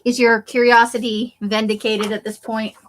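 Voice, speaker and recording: A woman with a fairly high, even voice talks at a moderate pace, with a slight hiss or hum in the recording. She's a streamer casually chatting with her viewers, addressing them by name, teasing them and joking at her own expense.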